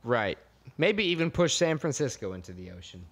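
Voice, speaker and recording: A man's voice: medium pitch, big pitch swings, moderate pace, a bit bright. An American man co-hosting a podcast, chatting casually and rambling with restarts. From United States. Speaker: podcast co-host. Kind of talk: casual chat.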